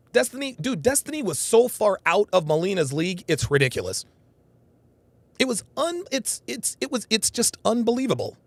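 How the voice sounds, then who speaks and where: A man's voice: sits high, normal speed, no echo. A man hosting a live reaction commentary, talking emphatically and repeating himself for stress. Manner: animated, repetitive emphatic phrasing. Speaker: host.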